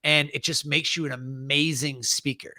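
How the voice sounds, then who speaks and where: A man's voice: a little high, fairly even intonation, moderate pace, pushed and bright, no echo, studio quality. A man as an interview guest, telling stories energetically, acting out audience scenes and saying "like" a lot. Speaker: guest speaker. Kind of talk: casual interview storytelling.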